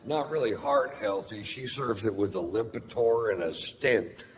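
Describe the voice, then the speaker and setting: A middle-aged man, doing a stand-up set with drawling, deadpan storytelling and crude punchlines. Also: mid-range voice, measured pace. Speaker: stand-up comedian. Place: large theater stage with audience laughter. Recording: live hall recording with long reverb and audience noise.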